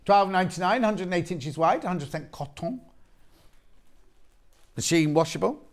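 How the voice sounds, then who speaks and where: A man's voice: sits high, lively intonation, normal speed. A man presenting on a TV shopping channel, chatty and jokey, bantering and repeating prices. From West Midlands, England. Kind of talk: live shopping TV sales patter. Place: TV studio.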